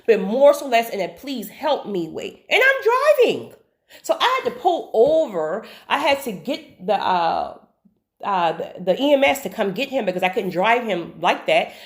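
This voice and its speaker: A woman talks straight to her viewers in a casual storytelling monologue. Her pitch swings widely as she leans into the story, and she repeats key words for emphasis. Her voice sits at an ordinary middle pitch. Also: sing-song, moderate pace. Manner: speaks directly to the viewer with casual asides. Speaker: storyteller sharing a personal faith story.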